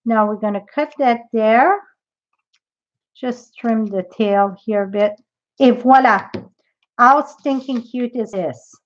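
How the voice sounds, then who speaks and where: A woman's voice: a little high, slow pace, long pauses, dull audio. A woman demonstrating a craft project in a live tutorial, chatty and thinking aloud as she works.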